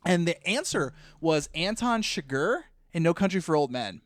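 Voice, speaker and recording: Excitable man, fairly high voice. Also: normal speed, no room sound. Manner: excited, laughing, rambling. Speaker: podcast co-host. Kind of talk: casual movie review chat.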